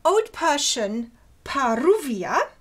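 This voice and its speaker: A woman delivers an academic lecture in a high, bright-sitting voice. She speaks slowly and carefully, weighing each word. When she recites verse she draws the syllables out even further. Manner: careful, measured, slows to recite ancient verse.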